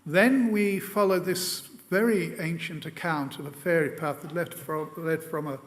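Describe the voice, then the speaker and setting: A man's voice: a little high, steady tone, a little slow, in a large hall. A man giving an illustrated presentation to an audience. He tells wry anecdotes and often hesitates with fillers. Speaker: lecturer.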